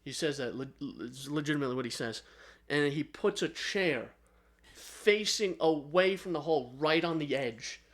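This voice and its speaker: A man co-hosting a podcast in casual chat, retelling a story with many ums and uhs and quick acted-out lines. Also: a little high, expressive. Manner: rambling retelling with filler ums, acts out lines. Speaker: podcast co-host.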